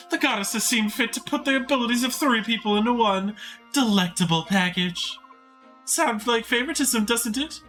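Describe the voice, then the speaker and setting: A man doing a vain high-voiced woman mage. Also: bright, forceful tone, heavily acted. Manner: haughty, preening, teasing. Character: vain flirtatious adult female mage.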